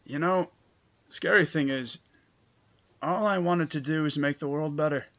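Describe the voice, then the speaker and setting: A man voicing a weary, reflective man who speaks with quiet resignation. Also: on the high side, measured pace, dull audio. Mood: resigned.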